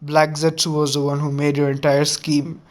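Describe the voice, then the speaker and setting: A man voicing a calm, confident young male village leader with an earnest, lecturing manner. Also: a little high, moderate pace, natural voice. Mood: firm.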